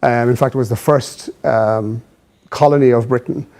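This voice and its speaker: A man as a studio guest, giving measured, thoughtful explanations with many pauses and fillers. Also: medium pitch, steady tone, a little mellow. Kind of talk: explanatory interview answers.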